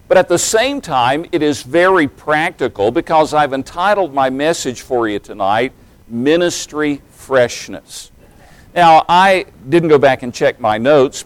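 A man around forty, raised in East Tennessee but speaking in a general American accent, delivers a sermon at a middle pitch. He moves between relaxed, joking asides and more emphatic stretches of preaching. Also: clear, resonant tone, no room sound, poor audio. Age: late 30s to early 40s. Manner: folksy and humorous, then rising to emphatic preaching.

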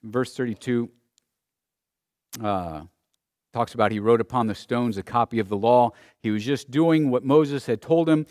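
A man's voice: mid-range voice, moderate pace, darkish tone, no room sound, clean studio sound. A male pastor preaching a sermon and reading Scripture aloud, building to emphatic, rising peaks.

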